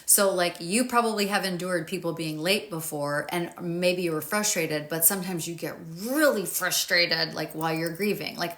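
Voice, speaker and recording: Woman author, lowish voice, candid to-camera talk, swears freely, thinks out loud. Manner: frank and informal, swears freely; thinks aloud with fillers and restarts. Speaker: author reading from and discussing her grief guide.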